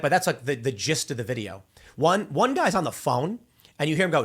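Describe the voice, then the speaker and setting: Male host, 30s, animated and expressive pitch, rambling solo commentary with frequent restarts. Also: fast talker, slightly rough. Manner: rambling, repeats words when restarting; acts out quoted people in exaggerated voices. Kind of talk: casual opinion commentary.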